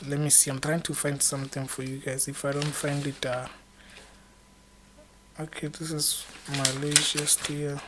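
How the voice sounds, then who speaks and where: A man's voice: a little high, little pitch movement, a little slow, noisy background. A young man hosting an informal exam-prep video, talking to camera in a chatty, encouraging way that rambles with frequent fillers. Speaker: student exam-prep channel host.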